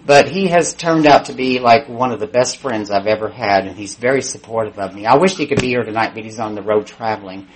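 A man's voice: brisk, hardly any pauses, rough recording. A man telling his own recovery story at a meeting, candid and self-mocking, voicing other people as he goes. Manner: shifts pitch up and gets louder when mimicking others. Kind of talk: personal testimony.

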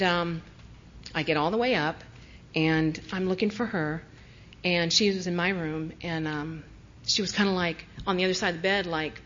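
A woman telling her own recovery story in an earnest, confessional way, often dropping soft as she recalls tender moments. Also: lowish voice, dull audio. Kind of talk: personal testimony.

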